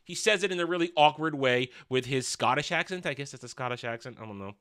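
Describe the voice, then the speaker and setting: A man's voice: mid-range voice, expressive, quick pace, sharp tone. A man giving a sarcastic, exasperated movie review, ranting as a film reviewer.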